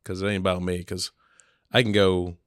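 A man's voice: sits low, little pitch movement, normal speed, clean tone, dry recording, studio quality. A man chatting casually, telling family stories with frequent laughter and acted-out quotes. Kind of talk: casual storytelling chat.

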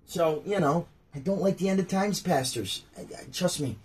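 A man reads scripture aloud in a casual way and breaks off into slangy jokes. His voice sits fairly high. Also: moderate pace, background noise. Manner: joking, slangy asides. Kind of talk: casual comic scripture reading.

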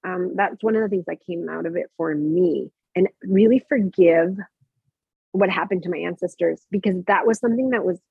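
Husky woman over a tinny line. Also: on the low side, moderate pace, dry recording. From Mexican heritage, living in Canada. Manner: rambling, many fillers and restarts, animated quoting. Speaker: guest sharing personal spiritual experiences. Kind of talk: casual conversational storytelling. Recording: dry, tinny phone-like sound.

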